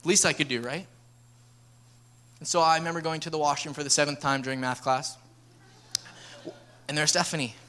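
Young male pastor, earnest sermon delivery, bright forceful voice. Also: on the high side, fairly even intonation, fairly quick, long pauses. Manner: earnest, building to emphatic appeals.

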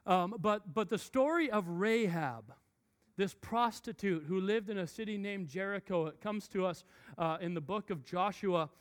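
A man in his thirties, a pastor preaching a sermon and telling a family story with lots of animated restarts. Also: sits high, normal speed.

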